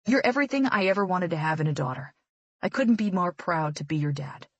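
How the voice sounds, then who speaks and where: A woman voicing a protective, loving middle-aged father who speaks gently but firmly. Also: fairly low pitch, lively intonation, fairly quick, no echo.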